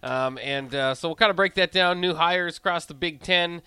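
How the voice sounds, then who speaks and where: A man hosting a sports radio show, relaxed and quick to laugh, running down the upcoming topics. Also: a little high, smooth, no echo. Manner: easygoing, laughs often, uses fillers. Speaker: radio host. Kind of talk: casual sports radio banter.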